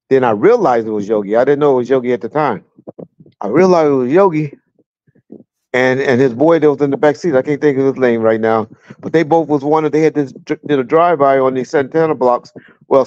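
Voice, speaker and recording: A man's voice: mid-range voice, a little mellow, no echo, dull audio. A middle-aged man from Southern California, a guest telling blunt, profane stories about his police years in a casual livestream chat, chuckling as he goes. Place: at home with a fan running.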